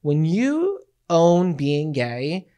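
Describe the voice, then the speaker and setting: A man in his twenties co-hosting a casual podcast, a theatrical, animated storyteller with cheeky, playful humor. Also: on the high side, drawn-out words, clear, resonant tone. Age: 20s. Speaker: podcast co-host.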